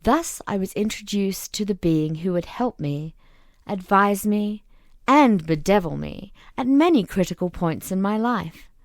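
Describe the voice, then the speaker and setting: A woman reading a novel aloud in slow, expressive narration on a close mic. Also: medium pitch, dry recording. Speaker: audiobook reader.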